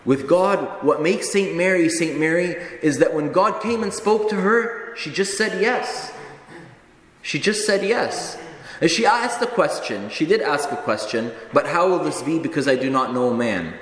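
A man's voice: fairly high pitch, lively intonation, normal speed, hardly any pauses. A man in his thirties, a married priest, preaching a sermon in a conversational way with casual asides and restarts. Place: church. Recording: echoey church hall, faint ambience.

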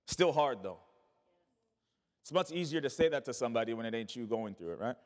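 A man's voice: medium pitch, animated, a little fast, big-room sound. A male pastor preaching a sermon, asking rhetorical questions and calling on the congregation to repeat words back.

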